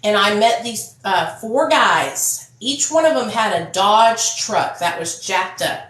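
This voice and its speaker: A woman's voice: medium pitch, expressive, takes it slowly, a bit bright, reverberant, rough recording. A woman telling her own story to viewers in a casual, blunt, profane vlog. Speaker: vlogger.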